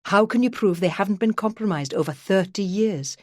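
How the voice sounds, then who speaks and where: A woman narrator voicing a brisk, businesslike male crown prosecutor with a Welsh accent. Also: high voice, no room sound, studio quality, close to an everyday voice.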